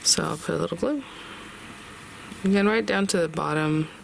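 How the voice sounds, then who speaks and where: Gravelly, chatty craft tutorial host. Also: medium pitch, moderate pace, background noise. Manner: chatty, thinks aloud while working. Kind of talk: casual step-by-step craft tutorial.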